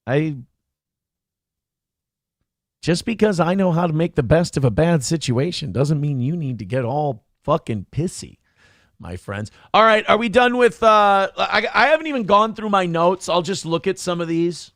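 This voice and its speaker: A man's voice: fairly high pitch, normal speed, no room sound, clean studio sound. A man hosting a casual livestream show, telling a story with a lot of swearing and acting out the other people in it. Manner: animated storytelling, swears, acts out voices. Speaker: show host.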